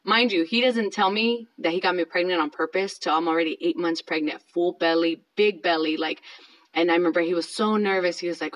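A woman's voice: on the low side, fairly even intonation, a little fast, rough recording. A woman in her thirties telling a personal story in a casual, chatty way, with lots of fillers. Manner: chatty, filler-heavy, self-conscious.

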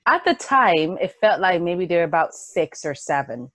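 Soft-spoken young woman. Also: on the low side, sing-song, moderate pace. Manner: soft-spoken, hesitant, giggly. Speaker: podcast co-host. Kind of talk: casual chat. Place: home studio.

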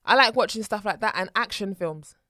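A young woman co-hosting a couple's vlog in casual chat, animated and playful with frequent giggles. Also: mid-range voice, a little fast, dry recording, studio quality.

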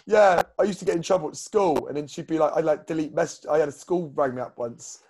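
A man's voice: fairly high pitch, fairly quick, darkish tone, husky. A man co-hosting a casual fitness podcast as a coach, blunt and rambling with lots of fillers.

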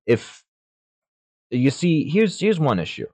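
A young man co-hosting a podcast, telling an absurd story in a halting, deadpan way. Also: mid-range voice. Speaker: podcast co-host.

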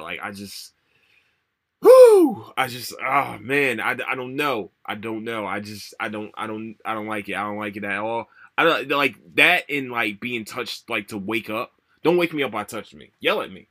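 A young man hosting a solo podcast, rambling and swearing a lot, tired and low on energy. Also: bright, forceful tone. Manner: profane, rambling, repeats himself. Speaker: podcast host. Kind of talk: casual solo podcast rant.

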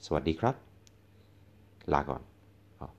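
A man's voice: rapid-fire, highs cut off. A man teaching a language lesson, patiently demonstrating tones by repeating each syllable several times. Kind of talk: tone pronunciation lesson.

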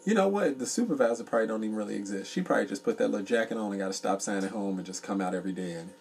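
A man co-hosting a casual comedy podcast, loud and joking as he tells stories. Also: on the low side, racing, vocal fry, far from the mic, slight background noise. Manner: loud, joking, animated storytelling. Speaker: podcast co-host.

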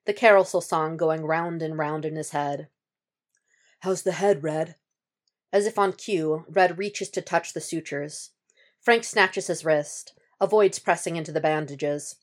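A woman narrates a fan-fiction story in a steady, measured way. Her voice sits low for a woman, calm and even through the descriptive passages. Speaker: podfic reader. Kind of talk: audiobook reading of fan fiction.

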